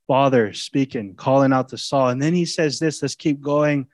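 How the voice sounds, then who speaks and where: A male pastor preaching in a loose, conversational way, at times pressing hard on a point and at times dropping almost to a murmur. His voice sits at an ordinary middle pitch for a man. The sound is dry and close, with little room around it. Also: fairly even intonation, unhurried, no room sound. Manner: conversational, swings between loud emphasis and quiet intimate asides. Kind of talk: expository sermon.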